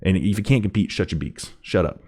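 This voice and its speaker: A man hosting a music reaction video, talking casually with lots of restarts and repeated words, climbing higher whenever something thrills him. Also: heavy background noise. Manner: excited, halting, repeats words, rises in pitch when thrilled.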